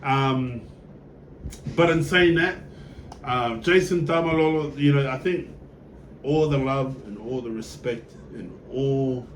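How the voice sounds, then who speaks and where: A man's voice: mid-range voice, takes it slowly, distant mic, a little hiss or hum. A Tongan man, talking as a fan in a passionate, profane and emphatic way, often asking the viewer questions. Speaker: sports fan vlogger. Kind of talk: casual fan monologue. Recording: roomy echo, voice set back from the mic.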